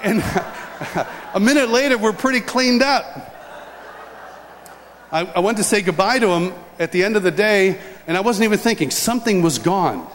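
A man with a high voice tells a funny personal testimony at normal speed, leaving long pauses. Animated throughout, he performs the scenes and characters' voices, with a large hall's reverb, faint ambience and slight background noise around him.

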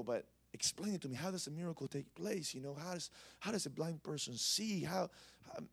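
A man preaching a sermon at a church service, impassioned and conversational, swinging between loud exclamations and soft asides. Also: fairly high pitch, expressive, fairly quick, creaky, husky. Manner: conversational, with frequent "you know". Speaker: pastor.

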